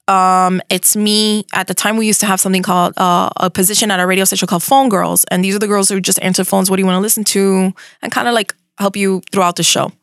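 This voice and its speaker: A middle-aged woman from tells a story as a guest in a casual interview. She speaks quickly and with animation, swears freely and mixes in Spanish words. Her voice sits at an average pitch and sounds dry and close to the mic. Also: fairly bright tone, no echo. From Miami. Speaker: radio host as guest.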